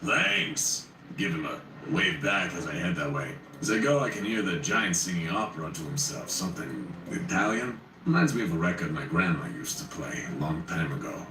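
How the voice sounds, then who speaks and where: A man with a deep but animated, bright voice tells a first-person horror story with wry asides. He sounds set back from the mic in a roomy space, with faint ambient noise. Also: brisk, hardly any pauses, distant mic. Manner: wry, conversational.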